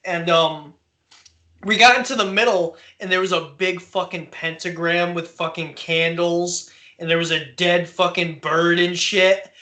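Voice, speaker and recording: A man's voice: high voice, a little slow. A man hosting a podcast, telling a story in casual chat, swearing freely and laughing often as he goes. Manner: profane, laughing, animated storyteller. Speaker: podcast host.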